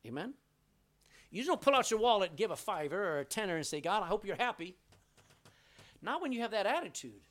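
A man preaching a sermon, swinging between loud and soft, reading scripture aloud. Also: high-pitched, sing-song, a little fast, pauses often. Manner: reads scripture aloud in old-style wording. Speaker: pastor.

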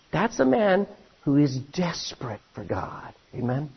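A man preaching a sermon, reading scripture aloud and swinging between loud emphasis and hushed asides. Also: on the high side, sing-song, measured pace, gravelly, breathy edge, muffled recording.

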